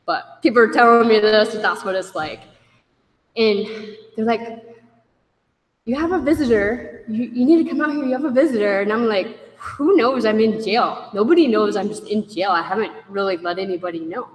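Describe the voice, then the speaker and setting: Woman, candid recovery testimony, wry tone, mid-pitched voice, echoey hall. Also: normal speed. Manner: candid, wry, acts out voices in her story. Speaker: speaker sharing a recovery story. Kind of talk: personal testimony to a group.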